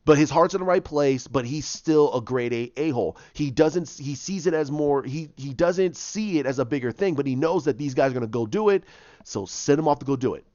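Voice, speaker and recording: A man casually retelling his own story idea, rambling and animated as he goes. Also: on the high side, fairly quick, no echo. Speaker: fan pitching a film plot. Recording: dull lo-fi dry mic.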